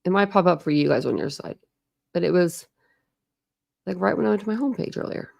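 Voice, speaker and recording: Gravelly-voiced young woman chatting rambly. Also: fairly low pitch, animated, a little fast, darkish tone. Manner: rambling, chatty, many "like"s and restarts. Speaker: true crime channel host. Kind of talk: casual livestream chat with viewers.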